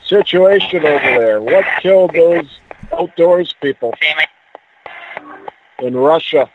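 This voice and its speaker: Man on a noisy phone line. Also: on the high side. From Canada. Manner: poses slow, probing questions into a ghost box. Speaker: paranormal investigator, guest. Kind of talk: calling in to a live radio show. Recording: tinny phone line with noise.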